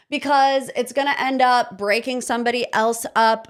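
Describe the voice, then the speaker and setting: A woman in her thirties hosting a podcast, giving casual pop-culture commentary in an animated, sarcastic, ranting manner. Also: fairly high pitch, normal speed, few pauses. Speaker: podcast host.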